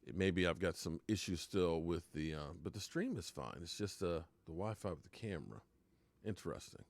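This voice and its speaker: A man's voice: low-pitched, sing-song, moderate pace, vocal fry. A man hosting a casual live stream about football, rambling, answering viewers' comments and slipping into playful mock heartbreak. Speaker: live-stream sports talk host.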